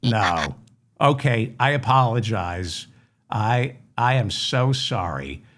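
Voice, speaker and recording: A man delivers a comic news monologue in a mock-serious, deadpan tone. His pitch swings widely between low mutters and sharp indignant rises. He takes his time and speaks at an unhurried pace. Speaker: comedy news host.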